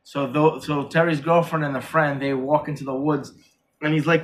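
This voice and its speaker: A man's voice: a little high, fairly quick. A man co-hosting a casual horror movie review, retelling scenes in a rambling way and acting out the characters' lines. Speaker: podcast co-host.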